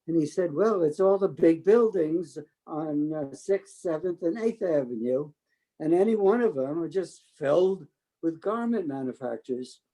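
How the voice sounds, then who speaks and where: A man's voice: on the high side, normal speed, low-quality recording. Older talkative New man. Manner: talkative, animated quoting of others. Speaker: interviewee telling his life story. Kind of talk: storytelling oral history.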